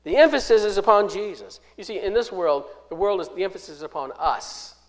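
A man with a high, tenor voice delivers a sermon. He is emphatic, swinging between loud declarations and soft asides. He slows down to stress key phrases as he reads verses and explains them. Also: lively intonation. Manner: reads scripture aloud and explains it. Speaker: preacher.

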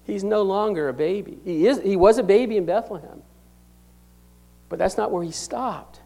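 A middle-aged male pastor with a notably high-pitched voice delivers a sermon. He presses each point hard, rising loud on key words and dropping to a hush to let them land. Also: moderate pace, gravelly. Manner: emphatic preaching with sharp swings from loud to hushed.

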